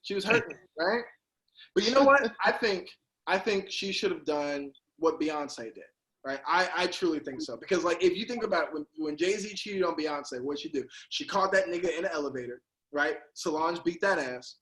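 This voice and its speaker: A man doing a stand-up comedy set over a video call, animated and bursting into loud character voices. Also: on the high side, normal speed, poor audio.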